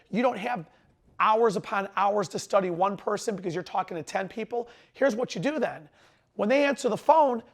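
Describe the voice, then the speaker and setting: Fast-talking, high-voiced male sales trainer. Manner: energetic, emphatic, talks fast and mumbles words together. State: tired after a long lecture. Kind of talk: direct-to-camera sales lesson.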